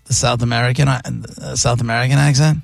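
A man's voice: medium pitch, fairly even intonation, brisk, gravelly, no room sound, faint music behind. A man, a radio host chatting casually and enthusiastically telling stories.

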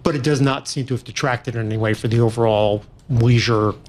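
A man answering interview questions as an industry analyst, in a measured way with frequent restarts. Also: medium pitch, fairly even intonation, a little mellow.

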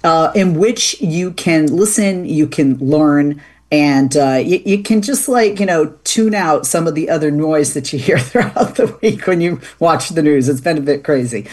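A woman's voice: sits low, expressive, a little slow, darkish tone. A woman hosting a talk radio show, chatting with a guest in a loose way full of fillers and restarts. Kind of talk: casual talk show interview.

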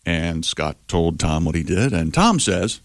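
A man's voice: deep voice, big pitch swings, measured pace, no room sound. A man hosting a radio show, telling an anecdote from the studio with hesitant fillers.

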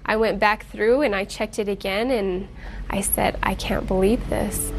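A woman's voice: medium pitch, fairly even intonation, a little slow. A woman crime lab analyst speaking in an interview, careful and matter-of-fact. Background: music underscore.

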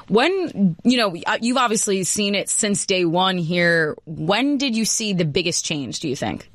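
A woman's voice: medium pitch, animated, unhurried, dry recording. A woman interviewing a guest, asking questions in an attentive, affirming way. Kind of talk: conversational interview.

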